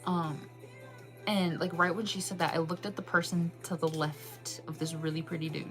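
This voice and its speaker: A woman hosts her channel and tells a long story to her viewers in loose, animated chat. She laughs often and fills her sentences with "like". Her voice sits a little low, with soft music playing faintly behind her. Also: moderate pace, rough recording. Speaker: channel host.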